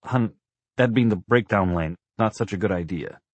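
A man's voice: on the low side, moderate pace, dry recording, natural voice. A man voicing a tired, dry-humored father driving his family, speaking in a mock-stern, joking way. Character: weary dad driving, dry and wry.

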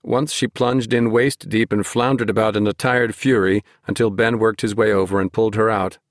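An audiobook narrator, a man with a low voice, reads a scripted storybook in a steady, measured manner. The recording is dry and close, with no room sound around it.

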